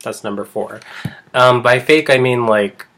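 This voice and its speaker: A man's voice: medium pitch, unhurried, fairly bright tone. A man, an eyebrow artist, chatting casually in a vlog, rambling and filling his talk with "like". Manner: rambling, heavy use of "like".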